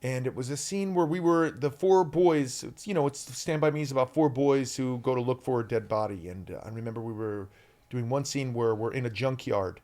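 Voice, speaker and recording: A man in his fifties, an actor guest telling stories in a podcast interview, animated and full of ums, acting out shouted quotes. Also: mid-range voice, brisk.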